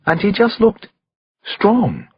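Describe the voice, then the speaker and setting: A man's voice: high-pitched, wildly swooping pitch, slow pace, husky, muffled recording, voice pushed up, full character voice. A man narrating an audiobook voices a frightened young woman in her early twenties, shaky and whimpering. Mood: shaken.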